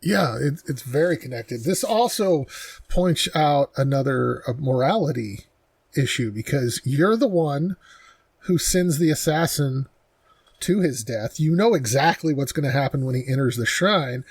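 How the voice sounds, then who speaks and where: A man's voice: mid-range voice, animated, unhurried, slightly rough, dry recording. A man hosting a podcast, thinking aloud about the moral questions a video game raises. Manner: thoughtful, poses moral questions. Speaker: podcast host. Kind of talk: casual game discussion.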